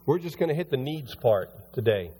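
A man preaching a conversational sermon as pastor, his voice a little hoarse and recovering. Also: medium pitch, sing-song, fairly quick, warm tone, slight background noise. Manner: conversational, rambling with restarts. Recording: long hall reverb.

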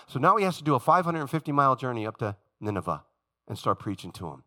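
A man preaching a sermon in church, animated and emphatic, acting out the voices of the story he retells. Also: mid-range voice, fast talker. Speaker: pastor. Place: church sanctuary.

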